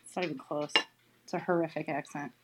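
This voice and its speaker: A woman's voice: sits low, fairly even intonation, fast talker, very noisy. Opinionated woman from western New York, blunt casual talker. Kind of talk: casual chat.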